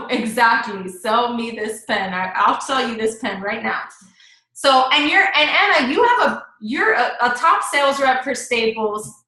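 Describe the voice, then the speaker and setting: Bubbly high-voiced woman coaching live. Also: sharp tone, reverberant, poor audio. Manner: chatty, enthusiastic, talks straight to viewers as "guys". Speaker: team coach. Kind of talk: casual live-stream coaching.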